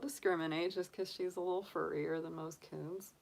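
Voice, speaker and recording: Low-voiced woman gushing over her pet. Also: fairly even intonation, gravelly, a little mellow. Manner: gushing and cooing, quick to laugh. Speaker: tarot reader. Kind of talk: casual chat on a live stream.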